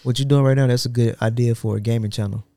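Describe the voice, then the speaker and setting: A man's voice: mid-range voice, fast, no room sound. Brief: male podcast co-host, playful, slangy banter, dry close-mic sound. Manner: joking, animated, slangy. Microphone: studio podcast mic.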